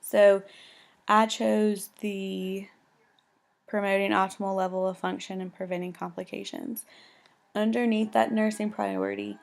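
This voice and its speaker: A woman's voice: medium pitch, animated, unhurried, gravelly. A young woman, a tired nursing student, walking through a homework example in a casual, hesitant way with many ums and self-corrections. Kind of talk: casual tutorial walkthrough.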